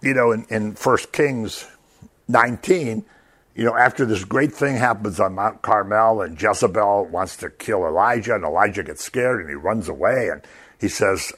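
A man's voice: on the low side, moderate pace, a bit bright. A man leading a casual Bible study, talking loosely and acting out quoted lines in a raised voice, with frequent chuckles.

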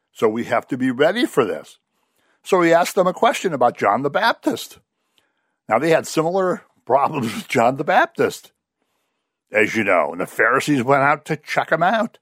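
A man delivers a sermon in a storytelling way, his pitch rising and falling with real animation. The sound is dry and close, with little room around it. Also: normal speed, no echo. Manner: animated storytelling, voices quoted figures. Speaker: preacher.

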